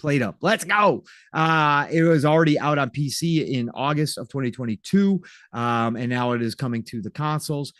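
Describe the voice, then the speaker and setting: A man's voice: on the high side, normal speed, hardly any pauses, fairly bright tone, no echo, clean studio sound. Upbeat man reading game news. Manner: chatty, upbeat, breaks into playful mock voices. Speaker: podcast co-host.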